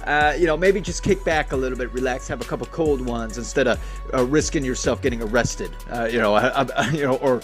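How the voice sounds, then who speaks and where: A man's voice: medium pitch, a little fast, soft background music. A man co-hosting a casual sports podcast, bantering loosely and jokingly with plenty of fillers. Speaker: podcast co-host.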